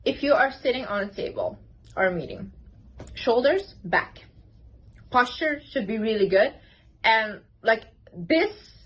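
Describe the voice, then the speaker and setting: Poor audio carries the fairly high-pitched voice of a young adult woman. She's a vlogger delivering a casual motivational talk to camera about confidence, chatty and emphatic, with frequent "like"s and "literally"s.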